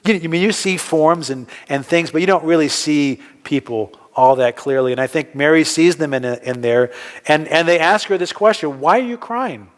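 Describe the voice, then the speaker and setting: A pastor delivers a sermon in a church hall whose long reverb fills the recording. His voice is a little high and his speed normal, and he keeps things conversational, putting questions to the congregation.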